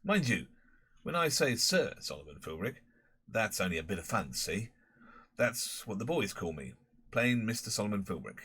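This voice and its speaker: A man's voice: fairly low pitch, big pitch swings, normal speed, a bit bright, breathy edge, heavily acted. A man voicing a boastful, rambling middle-aged London pub owner and former crook with a Cockney accent.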